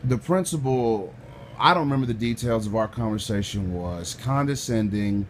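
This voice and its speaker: A loud man telling a personal story with lots of swearing, acting out the people in it and swinging from quiet to shouting. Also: fairly low pitch, lively intonation, moderate pace, a little hiss or hum. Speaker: storyteller recounting a personal run-in.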